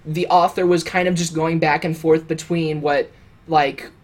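A young man co-hosts a podcast, his voice a little high with a level tone and a moderate pace. He tells a story in a loose, rambling way, full of fillers and restarts, as part of a casual chat.

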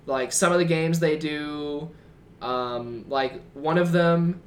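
A young man co-hosting a casual podcast, talking in a voice a little higher than most. He explains things in a quick, dry, teasing way. Faint background noise runs under the recording. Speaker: podcast co-host. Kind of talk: casual chat.

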